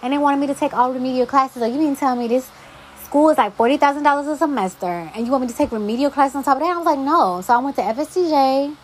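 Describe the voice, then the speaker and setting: A woman's voice: sits high, rapid-fire, slight background noise, rough recording. A young adult woman hosting a solo podcast, talking casually with emphatic, exasperated asides. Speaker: podcast host.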